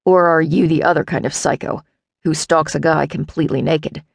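A woman voicing a gruff, impatient man with a deep growl who talks curtly and dismissively. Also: fairly even intonation, normal speed, dry recording, studio quality. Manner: curt, dismissive.

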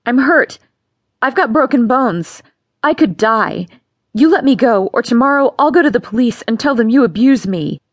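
A woman's voice: expressive, moderate pace, no room sound. A woman voicing a spiteful injured girl who wails and threatens shrilly. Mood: threatening. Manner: shrill wailing pleas.

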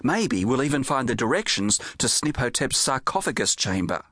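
A man's voice: mid-range voice, very animated, moderate pace, a bit bright, no room sound, studio quality. A man voicing an earnest, courteous male archaeologist poet in an audiobook. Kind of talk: audiobook character voice.

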